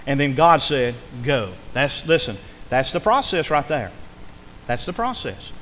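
A man preaching a sermon in a church, impassioned and rising to near-shouts on key words, sometimes acting out a doubting listener in quotes. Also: mid-range voice, very animated, a little slow. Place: church sanctuary. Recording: long hall reverb, faint background noise.

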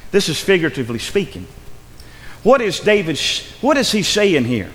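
A man preaching with a high voice that swings widely in pitch. His delivery is emphatic and full of repetition, and he acts out the scripture he reads. The sound carries a long reverb, like a big church hall. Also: big pitch swings, moderate pace, a bit bright. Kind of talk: sermon.

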